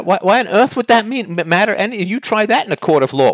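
A man's voice: sits high, lively intonation, fast, dry recording, studio quality. A man hosting a call-in advice show, talking bluntly and challenging the caller with heat.

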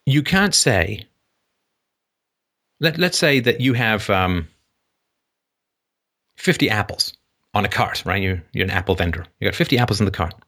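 Hosting a call-in show, a man with a lowish, expressive voice talks casual philosophy at a moderate pace with long pauses. His tone is bright and forceful, and he digresses loosely, acts out little dialogues in shifting voices, and laughs at his own jokes.

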